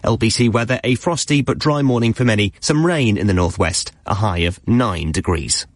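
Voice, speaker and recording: A man reading radio news headlines in a measured delivery. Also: lowish voice, dry recording. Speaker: newsreader.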